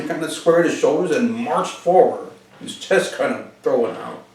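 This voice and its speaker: A man hosting a deadpan comedic monologue and answering viewer questions. He uses pompous, formal wording broken by frequent hesitant "uh" pauses. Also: on the high side. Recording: very echoey room, mic far off.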